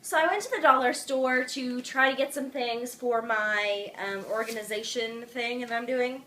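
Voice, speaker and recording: A woman's voice: fairly high pitch, moderate pace, bright, forceful tone. A young woman talking casually and emphatically in a home vlog, often saying "like". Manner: bubbly, emphatic, says "like" a lot. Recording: faint background noise.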